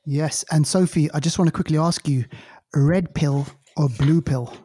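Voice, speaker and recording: A man's voice: fairly high pitch, moderate pace, mellow, a little hiss or hum. A man co-hosting a casual film podcast, upbeat and teasing. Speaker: podcast co-host.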